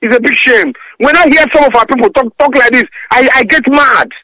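A man's voice: very high-pitched, fairly quick, bright, forceful tone, no room sound. Guy calling into a radio show, angry rant, keeps stammering, dry muffled sound. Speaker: caller. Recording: dull lo-fi phone-in audio.

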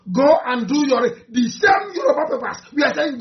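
Nigerian man, high voice, impassioned activist speech, heckling tone, roomy muffled take. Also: fairly quick, hardly any pauses. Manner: fiery, mocking, swings from shouting to low muttering. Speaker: activist leader addressing supporters. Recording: roomy, dull lo-fi recording.

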